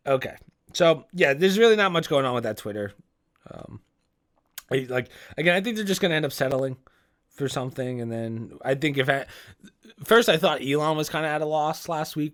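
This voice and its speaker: Young man, solo podcast host, casual and profane, rambling, trips over his words. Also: mid-range voice.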